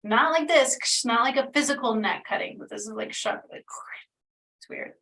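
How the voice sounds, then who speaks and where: Woman healer, rambling and earnest, with fry in the voice and a distant mic. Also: a little high, steady tone, fairly quick, bright, forceful tone, whispered. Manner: meandering, filler-heavy, earnest. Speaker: spiritual healer channeling energy. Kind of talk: casual spoken energy reading.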